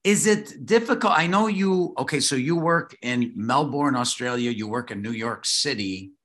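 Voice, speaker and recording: A man's voice: medium pitch, animated, moderate pace, fairly bright tone. A man interviewing an actress, asking his questions hesitantly and restarting them.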